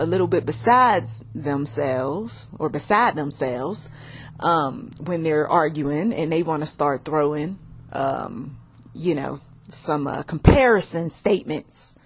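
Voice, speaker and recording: A woman's voice: sits low, takes it slowly. Chatty woman who laughs a lot. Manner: laughs often, acts out both sides of arguments in lively voices. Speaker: host of faith-based relationship talks. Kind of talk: casual spoken commentary with acted quotes.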